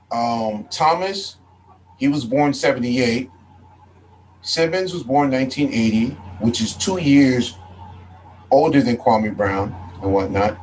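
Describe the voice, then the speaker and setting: A man's voice: medium pitch, low-quality recording. Man reciting facts over faint noise. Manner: lists facts, says "and whatnot" often. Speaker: podcast co-host. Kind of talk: casual chat.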